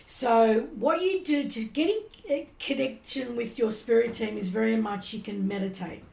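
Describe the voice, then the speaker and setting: A woman's voice: on the high side, normal speed, vocal fry, echoey room. A woman who works as a spiritual healer, chatting casually in an interview and telling stories with animation. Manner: animated storyteller who acts out quotes.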